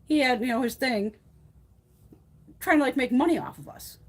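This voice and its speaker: A middle-aged woman from Connecticut chats casually on a live stream from her phone at home, sitting by a wood stove. She has a high-pitched voice, speaks at a moderate pace, and tells rambling, profane stories.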